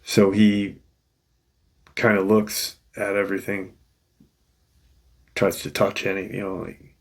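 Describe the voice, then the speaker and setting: Slow gravelly guy rambling through a creepy story, husky and kinda low. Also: completely flat delivery. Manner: rambling, loose, with restarts and "you know". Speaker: channel host retelling encounter stories. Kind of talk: casual storytelling narration.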